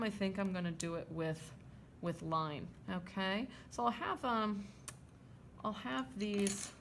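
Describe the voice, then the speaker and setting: A woman's voice: medium pitch, vocal fry, a little hiss or hum. A woman art teacher talking through a drawing demonstration, chatty and checking in with her students as she draws. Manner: chatty, checks in with "okay?" and "right?".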